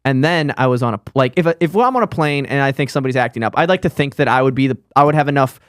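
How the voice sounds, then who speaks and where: A man's voice: mid-range voice, racing, clear, resonant tone, no room sound, clean studio sound. A man on a comedy podcast, talking in a rambling, self-deprecating way and often restarting his sentences. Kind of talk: casual comedy podcast chat.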